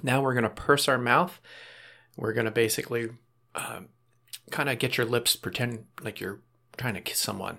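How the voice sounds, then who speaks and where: A man calmly guiding listeners through a breathing and muscle relaxation exercise, step by step, with small casual asides. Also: medium pitch, normal speed, gravelly. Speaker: relaxation instructor.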